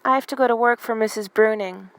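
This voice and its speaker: A woman's voice: fairly high pitch, fast, a bit bright, rough recording. A woman reading aloud as a hesitant, dutiful teenage girl. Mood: plain.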